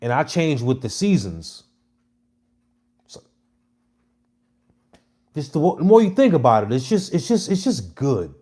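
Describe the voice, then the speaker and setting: A man's voice: mid-range voice, big pitch swings, unhurried, long pauses. Brash, mocking man in his thirties. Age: 30s. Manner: brash, mocking, swings between loud jabs and muttered asides. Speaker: comedy content creator. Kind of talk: casual provocative monologue.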